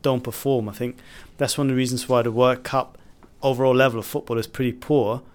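A man's voice: mid-range voice, fairly even intonation, a little fast. A man talks through football tactics in a plain, mid-range voice. He sounds opinionated and analytical, keeping a casual chat going. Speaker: football pundit.

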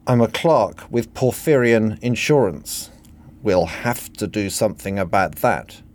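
A man's voice: fairly low pitch, unhurried, close to an everyday voice. A man voicing an earnest, humble young clerk in a satirical reading.

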